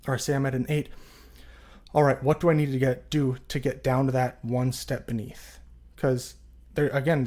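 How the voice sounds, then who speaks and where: A man's voice: medium pitch, darkish tone. A man in his thirties, a podcast guest, talking earnestly and reflectively in casual interview conversation, full of "you know" fillers. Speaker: podcast guest, jail chaplain.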